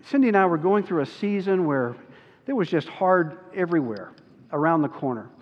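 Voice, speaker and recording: High-voiced man preaching in a reverberant hall. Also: lively intonation. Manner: earnest, slows down on key words. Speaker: pastor. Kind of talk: sermon. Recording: dull recording with long hall reverb.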